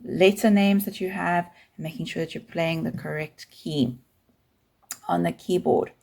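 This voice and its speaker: A woman with a South African accent teaching a keyboard lesson, explaining calmly and patiently, step by step, with faint keyboard notes behind her. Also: on the low side, creaky. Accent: South African English. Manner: calm, patient, counts beats aloud.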